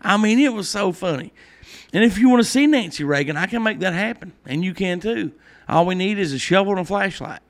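A man's voice: high voice, lively intonation, a little fast. A middle-aged man hosting a casual podcast, telling rambling stories and laughing at his own jokes. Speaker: podcast host. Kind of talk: casual chat.

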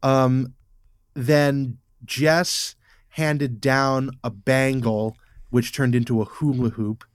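A man's voice: medium pitch, takes it slowly, clean tone, no room sound. Eager, stammering man on a dry mic. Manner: eager, stumbling restarts when excited. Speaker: podcast co-host. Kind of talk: casual chat recapping a TV episode.

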